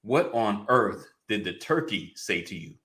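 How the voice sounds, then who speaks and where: Man doing a prim, polite pet parrot in a joke, unhurried and bright-toned. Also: on the low side, animated. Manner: slow, courteous joke delivery. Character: polite, well-spoken male pet parrot. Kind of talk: telling a joke.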